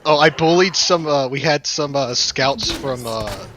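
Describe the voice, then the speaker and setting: A man casually telling anecdotes on a gaming stream, relaxed and amused by his own stories. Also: on the high side, unhurried, slight background noise. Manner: relaxed storyteller, laughs at his own pranks.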